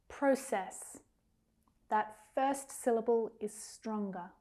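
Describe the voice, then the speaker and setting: A woman teaching English pronunciation, saying words slowly and carefully with drawn-out enunciation, then using them in example sentences. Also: a little high, animated, dark tone. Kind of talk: pronunciation lesson.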